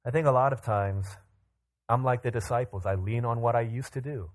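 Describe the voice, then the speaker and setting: A man in his thirties preaching a sermon, telling Bible stories with lively acted-out quotes. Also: medium pitch, a little fast. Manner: animated storytelling, acts out quotes in bursts. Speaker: pastor.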